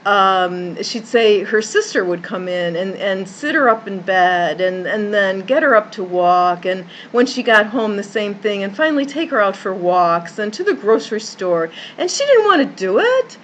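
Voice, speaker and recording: A woman's voice: medium pitch, moderate pace, few pauses, fairly bright tone, slight background noise, rough recording. A woman who works as a life coach, telling a personal story in an earnest way, with many restarts and repeated words. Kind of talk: personal story told to camera.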